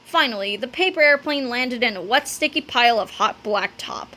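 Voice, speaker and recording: A woman reading a children's book aloud, telling the story with animated delivery and dramatic sound words. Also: on the high side, normal speed. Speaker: narrator.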